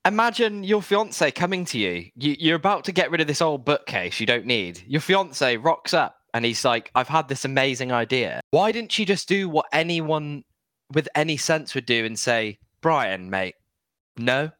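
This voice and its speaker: A wry man co-hosting a comedy podcast, with a fairly high voice and lively intonation. The recording sounds dry and close. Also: moderate pace, no room sound. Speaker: podcast co-host. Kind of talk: casual comedic chat.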